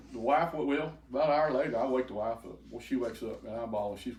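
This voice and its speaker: An older man telling an emotional personal testimony to a group, halting and repeating words as he goes. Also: medium pitch, a little mellow. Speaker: speaker giving a testimony. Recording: echoey room, faint noise.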